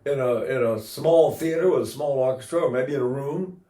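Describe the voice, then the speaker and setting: A man's voice: medium pitch, fairly quick, warm tone, reverberant. An older man teaching singing in a casual, rambling way, breaking into sung vowels to demonstrate.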